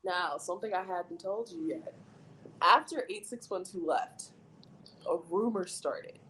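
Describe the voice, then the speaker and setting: A woman's voice: lowish voice, unhurried, rough recording. A young adult woman on a casual podcast, telling a story with lots of "like" and acting out the people in it. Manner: animated, lots of "like", acts out quoted voices.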